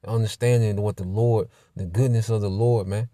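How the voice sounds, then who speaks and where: Man teaching a Bible lesson, conversational, warm mellow voice, low pitch. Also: steady tone, normal speed, dry recording, studio quality. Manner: conversational, many fillers like "man" and "you know".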